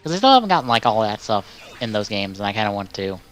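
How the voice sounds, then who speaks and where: A man hosting a live stream in casual chat, rambling with lots of filler words and swearing, and breaking into loud exasperated outbursts. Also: lowish voice, big pitch swings, fast, soft background music. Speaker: stream host.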